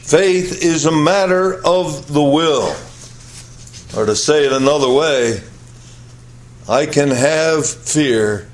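A male pastor preaching a sermon, emphatic and repetitive, swinging between high loud peaks and low quiet drops. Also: animated, slow pace, pauses often. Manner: emphatic, repeats phrases for weight.

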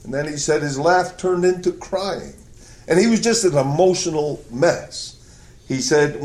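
A man's voice: fairly high pitch, slow, long pauses, a little mellow. A male preacher delivering a sermon, telling a story with emphatic, storytelling delivery. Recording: echoey church hall.

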